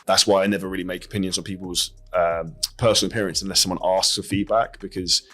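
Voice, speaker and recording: An English fitness coach speaking as a podcast guest, direct and quick, with frequent "like" and the odd swear word. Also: male voice, low voice, fairly even intonation, fairly bright tone. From England. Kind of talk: casual interview chat.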